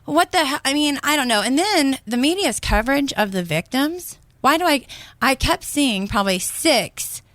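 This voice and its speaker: A woman's voice: high-pitched, lively intonation, moderate pace, a bit bright, no room sound. A woman co-hosting a podcast, talking in a blunt, rambling way with lots of fillers. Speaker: podcast co-host. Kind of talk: casual opinionated chat.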